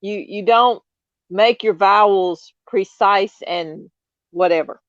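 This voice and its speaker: A woman's voice: mid-range voice, slow, no room sound. A woman in her fifties with a light Southern US accent, chatting in an opinionated, emphatic way and repeating points for stress. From United States. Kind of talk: casual chat on a livestream. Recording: slightly dull lo-fi audio.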